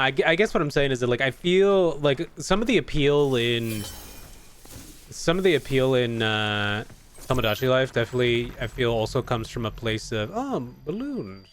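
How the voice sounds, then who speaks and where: A man with a smooth, mid-range voice streams a video game at a moderate pace. His casual commentary rambles, is laced with profanity, and restarts often.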